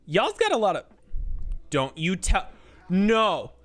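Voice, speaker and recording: A man streaming a video game, swearing, yelling at the game and laughing in bursts of frantic protest. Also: high voice, wildly swooping pitch, takes it slowly. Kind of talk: live-streamed gameplay commentary.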